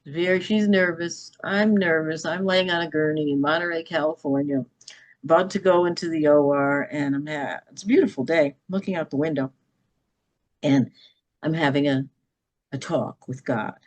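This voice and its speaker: A woman's voice: low voice, moderate pace. A middle-aged woman, a podcast guest, telling a personal story with emphasis and often checking in with "okay?".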